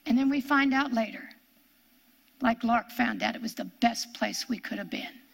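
An older woman giving a sermon, earnest and repetitive, sometimes dropping into hushed whispers for emphasis. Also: a little high, normal speed, creaky. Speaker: Bible teacher.

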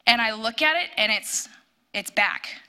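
A woman telling a personal testimony in church, storytelling with animated bursts when quoting. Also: a little high, a little slow. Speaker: church speaker sharing a testimony.

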